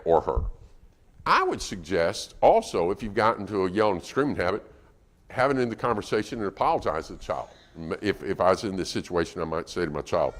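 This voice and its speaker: A man preaching a sermon in a church, animated and acting out scenes between a parent and child. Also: low-pitched. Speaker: guest preacher. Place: church auditorium. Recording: long church hall reverb.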